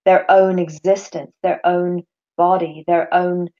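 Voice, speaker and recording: A woman course leader chatting casually and animatedly, often restarting her sentences and slipping into other people's voices. Her tone is mellow and warm. The audio is a little muffled and lo-fi. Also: fairly low pitch, slow. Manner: animated, acts out quoted voices, frequent restarts. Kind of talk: casual conversation.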